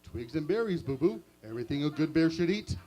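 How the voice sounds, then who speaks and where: A man voicing a boastful male cartoon bear with a low, gruff drawl. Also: expressive, fairly quick, mellow.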